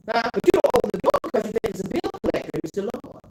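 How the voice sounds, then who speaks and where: A woman preaching a sermon as a self-styled prophetess, impassioned, blunt and profane, building up to cries and shouts. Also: fairly high pitch, expressive, fast talker, few pauses, loud music behind the voice. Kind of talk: fiery sermon. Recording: roomy echo with faint background noise.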